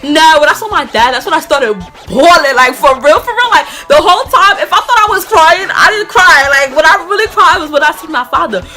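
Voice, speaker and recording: Young woman vlogger, high and bright, chatty and animated storytime telling, faint music bed. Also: fairly quick, hardly any pauses. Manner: animated, rambling retelling full of fillers and laughs. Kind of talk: casual storytime vlog.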